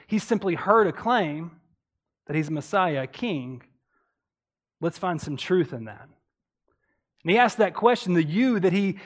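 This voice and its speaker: A man delivers a sermon in a higher-than-usual male register. His delivery is earnest, and he often stacks rhetorical questions to draw the listener in. He speaks like a pastor teaching from the pulpit.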